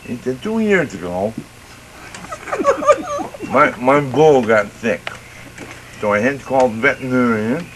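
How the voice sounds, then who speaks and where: Over a noisy background, a joke teller with a medium-pitched voice takes his time, pausing often as he spins a long, folksy yarn. He drawls, plays the different people in it, and builds to an excited finish.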